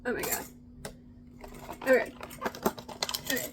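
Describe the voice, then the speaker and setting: A young woman vlogging about food in a casual, gushing, excitable way, with drawn-out exclamations. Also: noisy background.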